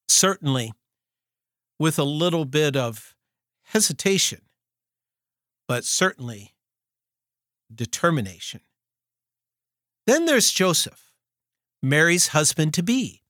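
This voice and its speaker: A man preaching a sermon. He reads scripture aloud in a measured way and stresses his points with rhetorical questions. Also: fairly high pitch, a bit bright, dry recording, clean studio sound.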